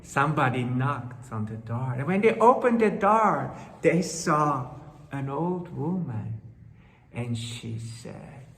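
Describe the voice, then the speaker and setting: A woman telling a folktale to children, dramatic and slow, with gasps and hushed asides. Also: a bass voice, lively intonation, a little hiss or hum. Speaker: storyteller. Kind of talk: children's storytelling. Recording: roomy hall with long reverb.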